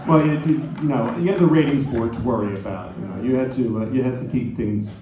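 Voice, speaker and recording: A man moderating a post-screening talkback, asking questions in a measured way. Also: mid-range voice, noisy background. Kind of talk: live stage interview. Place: theater auditorium. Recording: echoey, dull theater audio.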